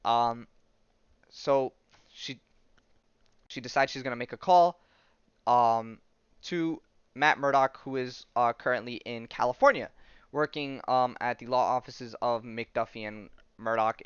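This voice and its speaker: A man's voice: mid-range voice, fairly even intonation, a little slow, a bit bright, clean tone, no room sound, highs cut off. A man hosting a podcast, casually recapping a comic story in a rambling way with lots of fillers. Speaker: podcast host.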